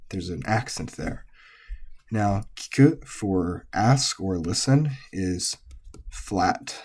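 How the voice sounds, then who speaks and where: Low, mellow-voiced man teaching pronunciation. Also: slow pace. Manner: patient, methodical, repeats example words. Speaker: language teacher. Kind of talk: explaining Japanese pitch accent.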